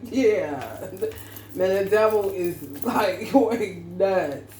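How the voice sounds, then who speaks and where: In a relaxed tarot reading monologue, an adult mother talks slowly with plenty of slang, laughs, and swearing. Her mid-range voice is animated with a dark tone, captured in an echoey room with faint noise behind her.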